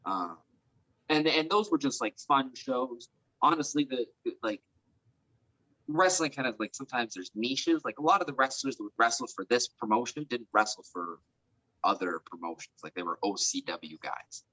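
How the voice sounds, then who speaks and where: A young man chatting as an interview guest, rambling and filling pauses with "like" and "um". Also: mid-range voice, lively intonation, bright, forceful tone, no echo, poor audio. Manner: rambling, heavy use of fillers like "like" and "um". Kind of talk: casual chat.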